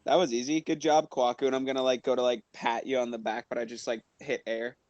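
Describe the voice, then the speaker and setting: A man's voice: mid-range voice, flat delivery, fast, darkish tone, no echo, highs cut off. A man playing a tabletop game in casual chat, laughing often and filling his talk with "like". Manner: laughing often, filler-heavy. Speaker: player.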